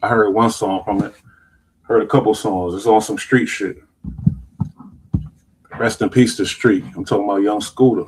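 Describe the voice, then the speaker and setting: A man's voice: on the low side, fairly even intonation, normal speed, long pauses, slight background noise, low-quality recording. A man hosting a show, reacting to clips in loose slang and rambling, casual commentary. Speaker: show host.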